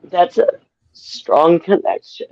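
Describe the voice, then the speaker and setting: A man talking about his brother on a live stream, halting and crying. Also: high voice, expressive, a little mellow, no room sound. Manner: halting, tearful, very slow. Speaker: guest. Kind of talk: emotional live stream chat. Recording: dull lo-fi audio.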